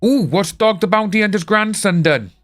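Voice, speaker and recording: A man's voice: sits high, expressive, normal speed, fairly bright tone, faint music behind. A young British man chatting casually on a live stream, rambling and greeting viewers by name. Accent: British English. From United Kingdom.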